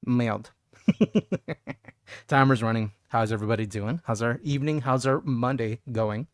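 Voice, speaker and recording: A man's voice: mid-range voice, steady tone, measured pace, dry recording, clean studio sound. A man streaming live, chatting casually with viewers, goofing around and singing bits of songs. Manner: goofy, sings song snippets and jokes with chat.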